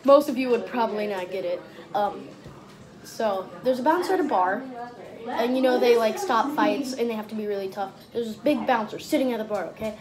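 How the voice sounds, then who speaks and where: A woman's voice: brisk, crowd noise. Rambling teen girl telling jokes. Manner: rambling, giggly, voices characters in a high pitch. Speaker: joke teller. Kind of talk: casual joke telling.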